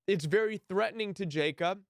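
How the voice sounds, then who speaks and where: A man's voice: high-pitched, brisk, dry recording, studio quality. A man teaching a Bible passage in a sermon style, earnest and emphatic, briefly acting out the people he quotes.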